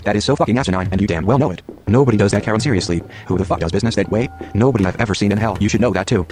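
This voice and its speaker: A man's voice: fairly low pitch, very fast, darkish tone, a little hiss or hum, natural voice. An actor playing an angry, paranoid young man who rants and swears. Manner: aggressive, swearing rant.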